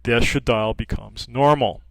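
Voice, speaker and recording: A man's voice: medium pitch, steady tone, moderate pace, gravelly, no room sound, rough recording. A man who sells hormone cream talks informally to customers, telling anecdotes about patients and acting out their calls while often saying "okay". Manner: peppers speech with "okay", acts out callers' lines in dialogue. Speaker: hormone practitioner selling progesterone cream.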